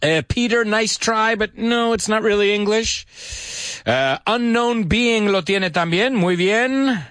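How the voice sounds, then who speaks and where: A man hosting a live-streamed English lesson in a playful, animated way, switching between English and Spanish. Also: high-pitched, measured pace, clear, resonant tone, dry recording, clean studio sound. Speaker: host.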